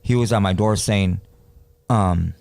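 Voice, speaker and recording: Here a podcast co-host with a lowish, vocal-fry voice talks a little slowly, with no room sound. He spins a casual, slangy story with lots of animation, performing the quoted voices himself.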